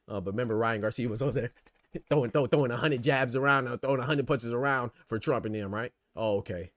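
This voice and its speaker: Fast-talking man ranting on a podcast. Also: medium pitch, dry recording. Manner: animated, swearing, rhetorical asides. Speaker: podcast host. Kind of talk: casual boxing and politics commentary.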